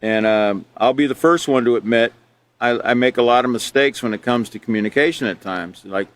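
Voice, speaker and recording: A man from Alaska teaching a character education class, reading from a textbook and explaining it in a relaxed, conversational way with frequent fillers. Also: mid-range voice, brisk. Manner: relaxed and conversational, many fillers, laughs between points.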